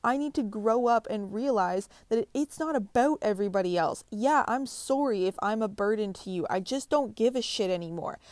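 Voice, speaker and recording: A woman's voice: mid-range voice, lively intonation, moderate pace, few pauses, darkish tone, no room sound. A woman in her twenties talking bluntly and passionately in a confessional vlog, swearing heavily and speaking with emphasis. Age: 20s. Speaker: vlogger.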